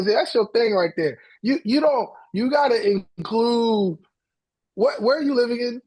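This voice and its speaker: High-voiced animated male life coach. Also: normal speed, slightly rough. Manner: animated, repetitive, slangy, acts out voices. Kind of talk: casual coaching chat.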